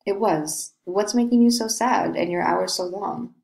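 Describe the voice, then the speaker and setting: A woman's voice: medium pitch, measured pace, creaky, a little mellow. A woman reading the part of an earnest young man who coaxes and questions his cousin. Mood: concerned. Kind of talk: reading a play aloud.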